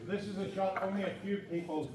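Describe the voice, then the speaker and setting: A man's voice: sits high, fairly even intonation, fairly quick. Joking Northern Irish man in echoey hall. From Northern Ireland. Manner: joking, chatty storyteller who laughs often. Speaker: snooker trick shot exhibitor. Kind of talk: live exhibition banter with the audience. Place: large echoey snooker hall with an audience. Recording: echoey hall, distant mic, crowd.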